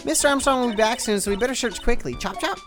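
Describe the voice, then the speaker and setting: A woman puts on a bouncy, teasing teenage girl, pitched up high and eager. She pokes fun and bounces through her lines in a lively, swooping voice, with game music playing behind. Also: fast, lightly acted. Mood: perky. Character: perky teenage girl sidekick, playful and eager. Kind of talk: game voice-over reading.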